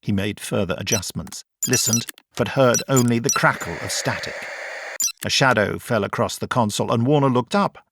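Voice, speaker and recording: A man reading a science fiction audiobook in a measured, even storytelling voice. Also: medium pitch, background noise. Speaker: audiobook narrator. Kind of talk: scripted audiobook narration.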